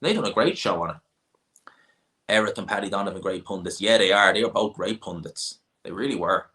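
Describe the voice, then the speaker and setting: Deep-voiced and expressive, the Irish livestream host talks fairly quickly with a sharp edge to his sound. He answers viewers' comments casually, rambling, opinionated and frequently restarting what he says.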